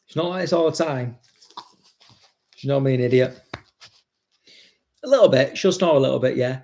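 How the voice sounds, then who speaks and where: A man's voice: medium pitch, moderate pace, dark tone. A man, a dog trainer, chatting casually, blunt and swearing freely. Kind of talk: casual chat.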